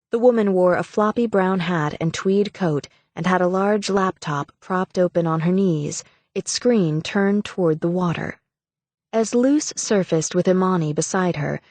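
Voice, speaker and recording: A woman reading an audiobook as a measured, even narrator. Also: on the low side, dry recording. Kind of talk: scripted narration.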